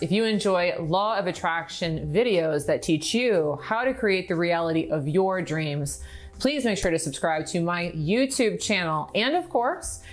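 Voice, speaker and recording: A middle-aged woman coaching on manifestation in an upbeat, instructive vlog style, slowing down to stress key words. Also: lowish voice. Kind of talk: direct-to-camera teaching vlog.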